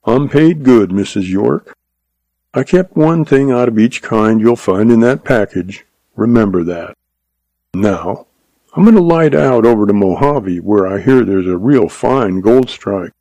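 A gruff Western outlaw with a hoarse, croaking voice and a gravelly low growl, as a man puts him on. He drawls short, clipped commands and sounds dark and close in a dry space. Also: expressive, unhurried, no room sound. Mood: sheepish.

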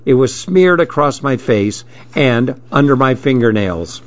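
A man narrating a story in a measured, steady reading voice, in a dull lo-fi recording. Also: mid-range voice.

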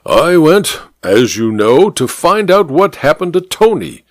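A man's voice: medium pitch, lively intonation, a little slow, no echo, voice pushed up, natural voice. A man voicing a ceremonious, terse old judge in a dry storybook reading. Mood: irritated. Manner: ceremonious, through gritted teeth.

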